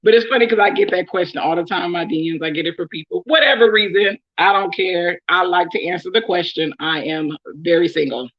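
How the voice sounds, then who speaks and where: A woman's voice: lowish voice, fast, few pauses, highs cut off. A young woman with a Bay Area accent from Oakland, chatting casually to camera as she answers follower questions, laughing often with plenty of ums. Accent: Bay Area, California. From Oakland, California.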